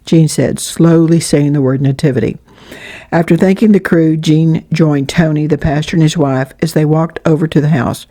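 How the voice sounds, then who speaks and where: A woman narrating an audiobook in a plain, even reading voice. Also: deep voice, normal speed. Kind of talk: storybook narration.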